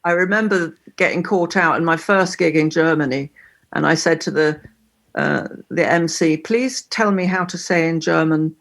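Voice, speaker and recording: A woman, a singer-songwriter guest, chatting casually in an interview and telling lively stories with frequent laughs. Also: sits low, moderate pace, creaky. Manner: lively storyteller, laughs often.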